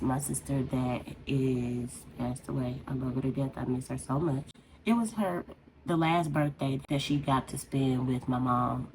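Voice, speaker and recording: Woman, beauty vlogger, unusually low voice, rambling heartfelt chat, noticeable background noise. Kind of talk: casual venting while doing makeup.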